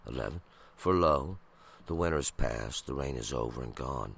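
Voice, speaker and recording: A man reading scripture verse by verse and commenting on it in a slow, halting way, often pausing and restarting. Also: rumbling low, animated, gravelly, a bit bright, slightly rough. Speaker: Bible commentator.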